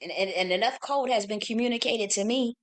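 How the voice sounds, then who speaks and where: A woman's voice: a little high, a little fast. Profane, emphatic woman livestreamer. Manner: profane, emphatic, reads scripture aloud. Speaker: live stream host. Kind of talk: casual livestream monologue. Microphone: streaming setup.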